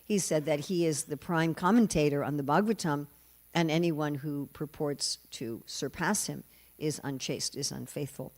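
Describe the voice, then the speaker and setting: A woman's voice: low voice, moderate pace, darkish tone. Older woman preaching with humor. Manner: storytelling, acting out quoted voices with humor. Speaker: preacher giving a scripture class. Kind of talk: sermon. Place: temple hall.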